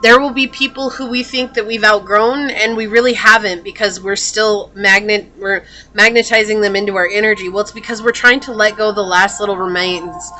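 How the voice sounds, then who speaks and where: A woman's voice: medium pitch, fairly even intonation, normal speed, pushed and bright. A woman giving a casual tarot reading to her viewers, chatty and full of fillers and restarts. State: hiccups. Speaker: tarot reader.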